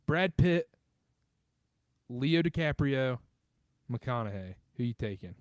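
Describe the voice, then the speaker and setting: A man from the American South hosting a casual sports podcast, talking in an animated way and jumping up in pitch when excited. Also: takes it slowly, dry recording. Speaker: podcast host.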